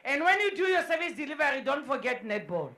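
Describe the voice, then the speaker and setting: A woman working as MC at a sports event, hyping the crowd in a loud, repetitive way and often shouting. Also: high-pitched, sing-song, quick pace. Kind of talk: live crowd hype and welcome speeches. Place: indoor sports dome.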